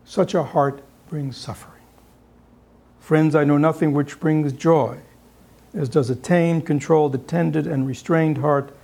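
A man giving a dharma talk to an audience, pausing often on fillers and checking in with rhetorical questions. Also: fairly high pitch, steady tone, vocal fry, dark tone. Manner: halting, with many filler pauses. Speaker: dharma teacher.

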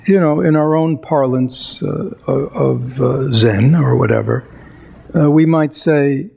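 Man doing a dharma talk, slow and gravelly, lots of uh's and "right?" questions. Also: mid-range voice, lo-fi sound. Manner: unhurried, many fillers and rhetorical questions. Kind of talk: dharma talk with a story reading.

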